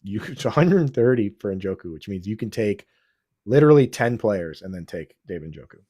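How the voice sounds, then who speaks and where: An excitable man talks through a casual fantasy football chat with a warm, mellow voice. He restarts his sentences a lot and throws in dude and bro. The sound is dry and close. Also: lowish voice, fairly quick, no room sound. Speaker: podcast host.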